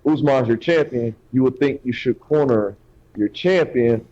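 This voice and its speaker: A man's voice: medium pitch, measured pace, dark tone. Hesitant man on dull podcast audio. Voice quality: hesitant, repeats words. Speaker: podcast co-host. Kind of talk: casual podcast debate. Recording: dull lo-fi sound.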